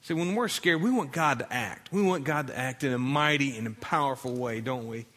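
A man's voice: mid-range voice, fairly quick, fairly bright tone, long reverb tail. A male pastor giving a sermon in a conversational preaching style, with dramatic readings of scripture.

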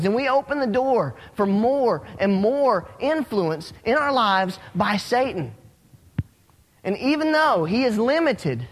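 High-voiced man preaching in a hall. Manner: animated storytelling, rising when excited. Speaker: pastor. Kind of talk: sermon. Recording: long hall reverb.

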